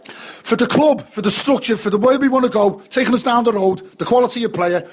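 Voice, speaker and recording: A man's voice: sits high, fairly quick, slight background noise. A man with a Liverpool accent ranting passionately about football in a heated fan chat.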